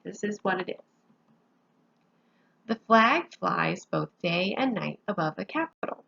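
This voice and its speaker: A sleepy woman teacher walks through a grammar lesson one step at a time. Her low voice is gravelly and a little husky. The recording sounds dull and lo-fi. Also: a bit bright. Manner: patient, explains step by step with examples. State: sleepy, yawning.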